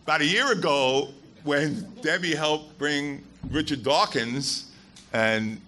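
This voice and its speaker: A man with a bright, forceful voice delivers a live talk to an audience in an event hall. He is blunt and emphatic and swears for emphasis, with a faint hum of ambience behind him. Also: a little high, slow. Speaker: guest speaker at a skeptics event.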